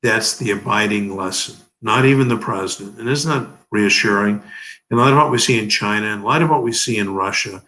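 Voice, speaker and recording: A man in his seventies, with a low-ish, bright and forceful voice, talks briskly in a low-quality recording. As an interview guest, he delivers emphatic, oratorical legal commentary, leaning heavily on rhetorical questions.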